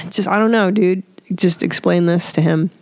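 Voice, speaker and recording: A woman's voice: on the low side, a little slow, no room sound, clean studio sound. A woman co-hosting a casual podcast, earnestly questioning and teasing her partner. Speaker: podcast co-host. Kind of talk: casual chat.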